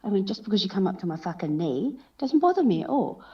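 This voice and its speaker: A woman's voice: medium pitch, sing-song, quick pace, recorded from a distance, lo-fi sound. A woman from Australia with an Australian accent, playing a tabletop game, brash and swearing in jokey banter. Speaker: player. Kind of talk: tabletop role-play banter.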